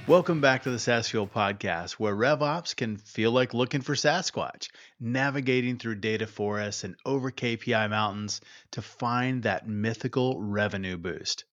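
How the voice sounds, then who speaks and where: A man hosting a podcast, telling a story in an energetic, conversational way. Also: mid-range voice, moderate pace, few pauses, no room sound, lo-fi sound, soft background music. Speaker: podcast host. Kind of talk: podcast monologue.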